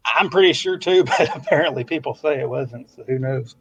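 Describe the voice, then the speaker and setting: A man co-hosting a podcast, telling stories in a relaxed way, full of "like". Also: mid-range voice, fairly quick, slightly rough, no echo. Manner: relaxed storytelling, many fillers like "like". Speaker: podcast co-host. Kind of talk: casual chat.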